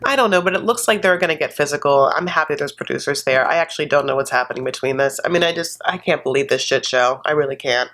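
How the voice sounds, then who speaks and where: A woman's voice: deep voice, quick pace, hardly any pauses, a bit bright. A woman doing a casual, sassy recap of a reality show to camera, laughing often and calling her viewers honey. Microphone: desk condenser mic.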